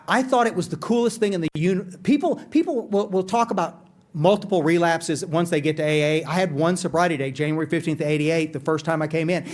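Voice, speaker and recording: A man's voice: on the high side, darkish tone. A middle-aged man, giving a candid, self-deprecating recovery talk to a conference audience. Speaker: AA speaker. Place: conference hall.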